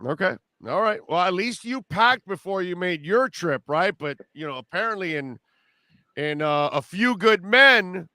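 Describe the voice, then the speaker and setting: A man's voice: high voice, expressive, a little slow, bright, forceful tone, no echo, clean studio sound. A man hosting a sports radio show, rambling and joking loosely about old movies. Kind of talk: casual sports talk.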